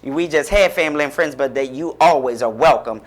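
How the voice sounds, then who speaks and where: A man's voice: fairly high pitch, a little fast, a little hiss or hum. A man guest on a radio talk show, speaking in a fervent, encouraging, preacherly way about faith and support. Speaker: guest, author and pastor-like speaker. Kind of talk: radio interview, inspirational talk. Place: radio studio.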